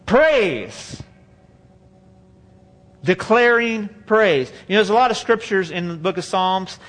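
A man with a notably high voice delivers a sermon from a church microphone. He talks like he's chatting with the congregation, restarting sentences and repeating key words for emphasis, with playful asides. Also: lively intonation, slow, fairly bright tone. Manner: conversational, repeats and restarts phrases, joking asides. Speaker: pastor. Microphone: handheld or stage microphone.

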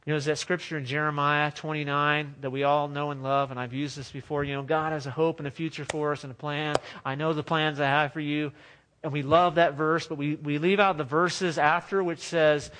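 A man's voice: a little high, little pitch movement, fairly quick, fairly bright tone, slight background noise. A man preaching a sermon as pastor, earnest and conversational, often restarting his phrases.

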